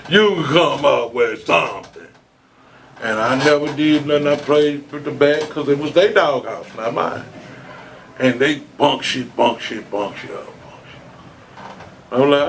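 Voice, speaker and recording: A man's voice: medium pitch, a little hiss or hum. A man telling a long story as an interview guest, cursing freely and acting out the quotes. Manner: animated storyteller, swears freely, acts out quotes.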